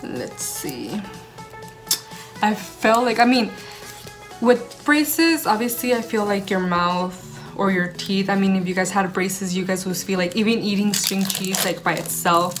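A woman's voice: mid-range voice, fairly even intonation, normal speed, soft background music. A young woman chatting to camera at home for her vlog, gushing and rambling with lots of "like". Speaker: vlogger. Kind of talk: casual chat to camera.

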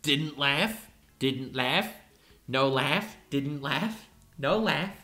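A woman hosting a meme reaction video, exclaiming in disbelief and then giving flat mock-deadpan verdicts. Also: deep voice, extremely slow, heavy background noise. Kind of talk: casual reaction commentary.

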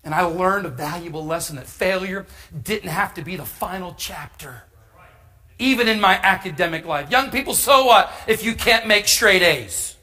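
A middle-aged male pastor preaching a storytelling sermon, humorous and animated, bursting into emphatic shouts. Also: high voice, normal speed.

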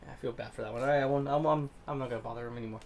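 A man giving let's-play commentary as a gaming host, swearing a lot and swinging from low muttering to yelling at the game. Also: fairly even intonation, racing, slight background noise.

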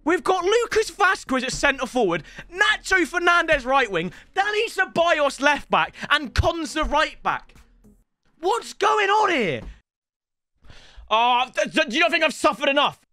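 A young man giving excitable, swear-filled commentary on his football video game, often yelling at the game. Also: very high voice, unhurried. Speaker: gaming YouTuber. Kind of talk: let's-play gaming commentary.

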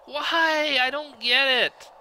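A man giving blind let's play commentary, exasperated, swearing often and yelling at the game. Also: very high-pitched, takes it slowly, slight background noise.

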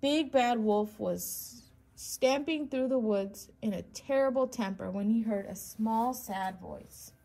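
Preschool teacher lady reading a picture book, slow and kinda breathy, slightly high. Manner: slow and expressive. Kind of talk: children's storybook read-aloud.

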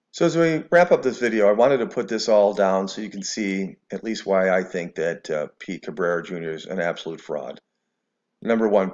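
A man's voice: low-pitched, darkish tone, dull audio. A man giving scornful, preachy religious commentary to the camera, mixing scripture with sarcasm. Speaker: video commentator.

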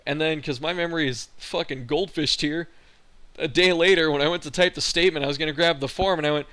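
A man's voice: on the high side, quick pace, a bit bright. A young man, a college student, telling a frustrated and profane story in a casual vlog. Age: young adult. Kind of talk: casual venting monologue.

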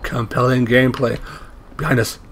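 A man's voice: medium pitch, moderate pace, a little hiss or hum. A young man giving casual, profane commentary while playing a shooter, yelping and laughing as he goes. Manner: excitable, profane, yelps and laughs. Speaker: gamer.

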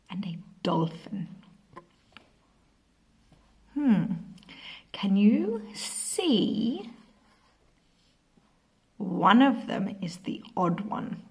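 A British woman teaching little children from afar, her voice lilting up and down with lots of melody. She speaks very slowly and patiently, often sinking into a hushed whisper. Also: on the high side, creaky. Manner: slow, sing-song, drops to soft whispers. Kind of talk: early-years remote lesson.

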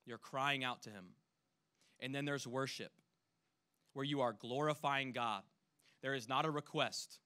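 Bright-voiced earnest young preacher man. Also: medium pitch, a little slow, pauses often. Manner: earnest, swings between hushed and loud emphasis; acts out imagined voices when quoting. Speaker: youth pastor. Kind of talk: sermon.

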